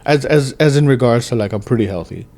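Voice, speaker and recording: A man's voice: mid-range voice, lively intonation, quick pace, a little mellow. A man in his thirties hosting a podcast, talking in a rambling, casual way with lots of swearing and filler words. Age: 30s. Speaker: podcast host. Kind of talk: casual chat.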